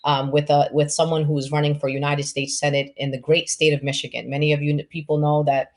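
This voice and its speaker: A woman's voice: sits low, little pitch movement, quick pace. A woman from New York hosting an event, introducing the next speaker with enthusiasm and many ums. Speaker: event host.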